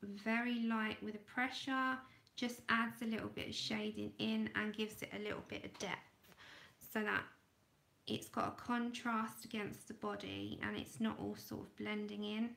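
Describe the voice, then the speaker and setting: Bright, gravelly woman chatting on a livestream. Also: medium pitch, level tone, moderate pace, roomy sound. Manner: chatty, thinking aloud, trails off into quiet murmurs. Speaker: art livestream host. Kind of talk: casual livestream chat while drawing.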